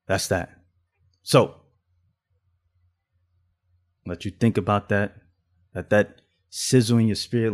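A man's voice: mid-range voice, darkish tone. A man hosting a podcast, telling stories and preaching. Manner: preachy, storytelling, drawls phrases out. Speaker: podcast host. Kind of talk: casual podcast monologue.

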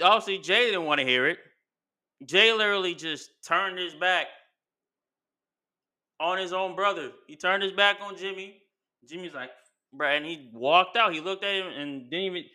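A man casually recapping a wrestling show, animated and slangy, acting out what the wrestlers said. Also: sits high. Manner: animated, acts out quotes with slang. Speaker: wrestling commentary vlogger.

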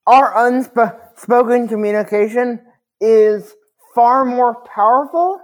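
A man speaking as a podcast guest, telling his story in an earnest, measured way. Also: very high-pitched. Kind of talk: podcast interview conversation.

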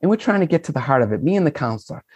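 Middle-aged man, boston accent, lively swooping pitch, folksy storyteller, dry close sound. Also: racing, slightly rough, dry recording. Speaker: guest, former school principal. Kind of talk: podcast interview storytelling.

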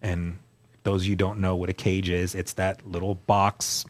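A man's voice: low voice, little pitch movement, normal speed. A man as a guest, telling his personal story in an earnest, candid way, often restarting and repeating words. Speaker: guest sharing his testimony.

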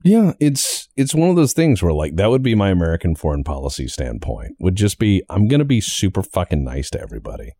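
A man hosting a casual podcast chat, animated and acting out little quoted exchanges. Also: low-pitched, a little fast, few pauses, no room sound. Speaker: podcast host.

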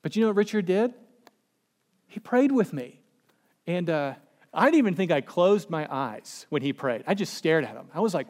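A man's voice: sits high, lively intonation, normal speed, pauses often, a little mellow. A male pastor giving a casual, conversational sermon with humorous asides and acted-out quotes. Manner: chatty, joking, acts out quoted people.

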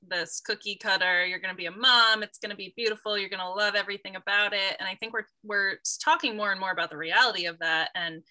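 Bright-voiced woman podcast host. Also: mid-range voice, steady tone, fast, hardly any pauses. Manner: supportive, laughs along, reflective. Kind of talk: casual interview chat.

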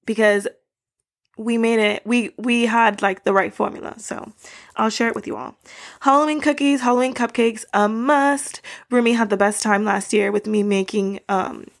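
A woman's voice: fairly high pitch, fairly even intonation, moderate pace. A young woman hosting a casual solo podcast, rambling and laughing between fillers. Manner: rambling, giggly, many fillers. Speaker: podcast host.

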